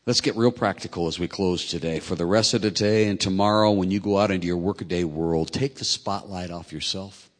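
A middle-aged man preaching a sermon, telling a personal story earnestly and emotionally, his voice swelling to loud peaks. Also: low-pitched, fairly even intonation, brisk, hardly any pauses, big-room sound. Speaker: preacher and track coach.

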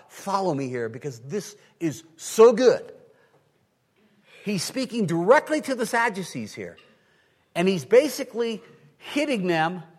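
Male pastor, high animated voice, long hall reverb. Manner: animated preaching, swinging from quiet to loud, plays out listeners' voices. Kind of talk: sermon. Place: large hall with an audience.

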